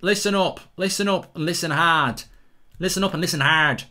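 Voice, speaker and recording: Excitable, swearing English football host. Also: male voice, a little high, normal speed. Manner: excitable, swearing, rants at the match. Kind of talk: live football watchalong commentary.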